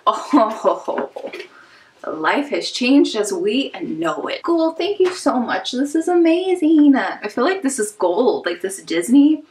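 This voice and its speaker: A young woman from Kansas with a slightly high voice talks through her fan mail in a casual vlog. She gushes and gets emotional, and she fills her sentences with "like". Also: very animated, takes it slowly, a little mellow, slight background noise, rough recording. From Wichita, Kansas. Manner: gushing, emotional, many "like" fillers. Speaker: YouTube channel host.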